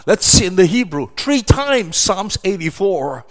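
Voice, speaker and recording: A man's voice: high voice, big pitch swings, a little slow, hardly any pauses. A middle-aged man preaching a sermon, emphatic and repetitive, asking rhetorical questions and answering them.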